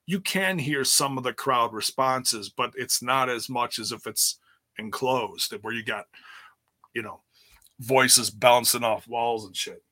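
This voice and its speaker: A man's voice: medium pitch, a little slow, pushed and bright, no echo, clean studio sound. A man giving a candid, rambling recap of a wrestling event in casual chat, speaking casually and swearing now and then. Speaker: wrestling commentator.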